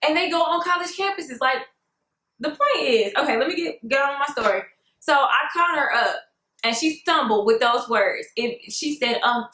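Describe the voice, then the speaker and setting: A young woman telling a story on her vlog in a sassy, animated way, often calling her viewers "girl". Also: a little high, reverberant, low-quality recording. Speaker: vlogger.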